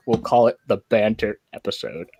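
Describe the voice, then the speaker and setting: A man hosting a casual chat stream while high, rambling and breaking into giggles. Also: moderate pace, darkish tone, highs cut off. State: high on cannabis. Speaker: stream host.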